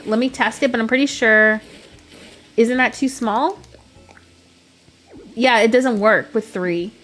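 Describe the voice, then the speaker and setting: A woman streaming a game, chatting casually and excitedly with her viewers. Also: on the high side. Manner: chatty, excitable, talks to chat directly. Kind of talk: casual live-stream chat.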